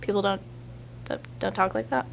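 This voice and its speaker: A woman's voice: medium pitch, steady tone, moderate pace, gravelly, slight background noise. A woman coworker in an office comedy skit, nagging and exasperated as she questions him. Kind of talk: mockumentary comedy acting.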